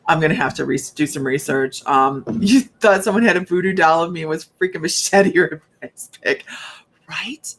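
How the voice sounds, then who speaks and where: A woman's voice: lowish voice, fairly bright tone. A woman hosting a casual livestream, chatting to viewers and telling stories with plenty of laughter and acted-out quotes. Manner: chatty storyteller, laughs often, acts out quotes. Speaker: psychic livestream host.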